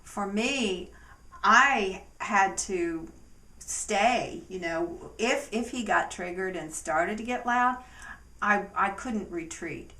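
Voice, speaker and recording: A woman's voice: mid-range voice, slow pace, bright, forceful tone, reverberant, far from the mic. A woman, a relationship coach co-hosting with her husband, talking to camera in a friendly, casual way.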